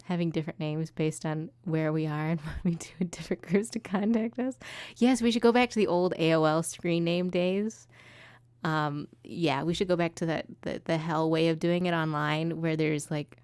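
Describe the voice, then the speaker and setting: A woman's voice: low voice, normal speed, a little mellow, clean tone, no echo. A young woman streamer chatting casually and rambling while she paints, laughing often and filling gaps with ums and likes. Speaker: art streamer.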